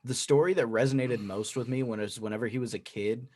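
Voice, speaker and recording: A man's voice: medium pitch, quick pace, darkish tone. A man co-hosting a podcast in casual chat, telling a story animatedly and swearing freely. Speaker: podcast co-host.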